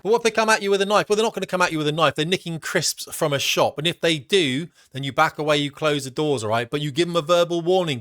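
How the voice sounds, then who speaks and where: Fast-talking blunt British man. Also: a little high, a bit bright, no room sound, studio quality. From Britain. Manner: blunt, emphatic, slangy. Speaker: commentary vlogger. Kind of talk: opinionated commentary.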